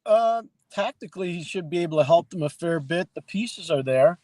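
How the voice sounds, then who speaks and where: A middle-aged man co-hosting a hockey podcast, talking casually and telling stories with lively acted-out quotes. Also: on the high side, normal speed, dry recording. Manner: animated storyteller, acts out quoted people. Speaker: hockey analyst and podcast co-host.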